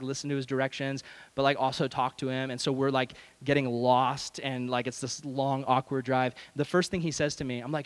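A young adult man, a youth pastor, telling a lively self-deprecating story in a sermon and acting out the voices. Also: fairly high pitch. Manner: animated, self-deprecating, acts out voices in stories.

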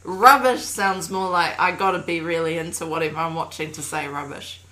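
A woman's voice: lowish voice, steady tone, normal speed, sharp tone, poor audio. A woman chatting casually and playfully with friends, laughing often and trailing off mid-sentence. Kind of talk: casual chat.

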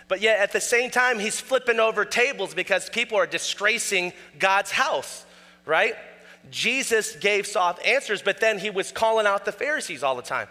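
A middle-aged man preaching a sermon as a pastor, telling self-mocking stories and acting out quotes with animated delivery. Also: high-pitched. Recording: long hall reverb.

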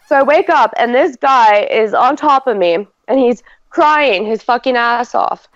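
Rambling mom telling a wild story. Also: female voice, a little high, animated, measured pace, no room sound, lo-fi sound. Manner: rambling, full of "like", swears. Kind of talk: casual storytelling.

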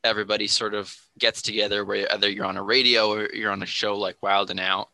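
A man explains rap music in a relaxed podcast chat, thinking aloud as he goes. His voice is fairly low but very bright and cutting. The sound is dry and close, with no room around it. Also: fairly quick, creaky, no echo, low-quality recording. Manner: thoughtful, explanatory. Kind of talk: casual podcast conversation.

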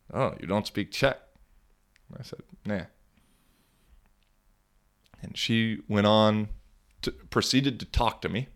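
Tired, laid-back deep-voiced man. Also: fairly bright tone, smooth. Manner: laid-back, rambling, swears casually. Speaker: podcast host. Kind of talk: casual solo podcast storytelling.

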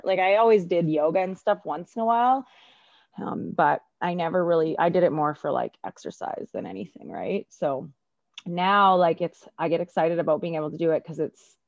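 A woman with a very low voice talks reflectively in a casual chat, leaning on filler words as she thinks aloud. The recording is muffled and lo-fi, with a dry, close sound. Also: darkish tone, dry recording. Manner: reflective, many fillers like "like" and "you know". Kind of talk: casual conversation.

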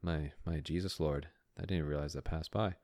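A man's voice: very deep voice, steady tone, moderate pace, a little mellow, no echo, clean studio sound. A man co-hosting a podcast in casual chat. He laughs often and acts out the voices in his own head. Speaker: podcast co-host.

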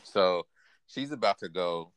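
A man with a very low voice recaps an anime episode in casual, animated chat, often laughing and jumping up in pitch to quote characters. The sound is dry and close to the mic. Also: unhurried, smooth, no room sound. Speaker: podcast co-host.

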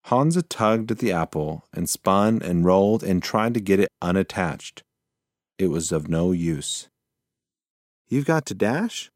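A man narrating a children's storybook in a slow, measured reading. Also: low-pitched, no echo, studio quality.

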